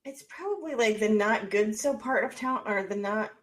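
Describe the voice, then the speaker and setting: A woman's voice: medium pitch, expressive, normal speed. A woman co-hosting a radio show, chatting easily and giggling often. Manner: giggly, easygoing, trails off. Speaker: radio co-host. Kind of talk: casual radio banter.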